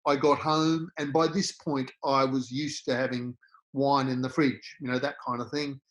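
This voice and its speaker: A middle-aged Australian man, a podcast guest, telling personal stories in an animated way and acting out the voices he quotes. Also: mid-range voice, moderate pace, low-quality recording. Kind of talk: storytelling interview.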